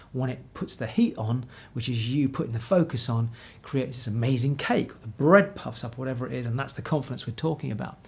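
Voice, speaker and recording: A man in his fifties, a confidence coach, giving an energetic, encouraging talk straight to the viewer from an indoor room. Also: mid-range voice, gravelly, breathy edge. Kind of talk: motivational talk to camera. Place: indoor room with pictures on the wall.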